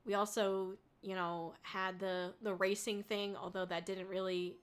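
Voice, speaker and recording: A young woman VTuber streams live, casually chatting with viewers in a mid-range voice at a slightly slow pace. She rambles, swears often, and shrieks with excitement when thanking people, and the tone is clean.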